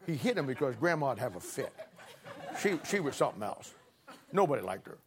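A man's voice: medium pitch, sing-song, a little fast, noisy background. A middle-aged man preaching a sermon, telling a homespun story with humor before turning to scripture. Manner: folksy, humorous storyteller who laughs through his anecdotes.

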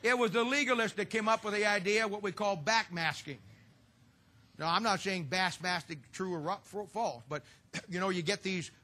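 Middle-aged male preacher, high bright voice, folksy and joking, storytelling sermon. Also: moderate pace. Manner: folksy, joking, sarcastic asides.

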